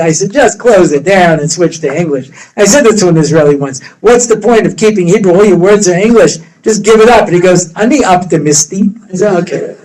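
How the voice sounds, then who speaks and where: Animated high-voiced male rabbi storyteller. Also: rough recording. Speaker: rabbi lecturer. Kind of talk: storytelling lecture to students. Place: study hall.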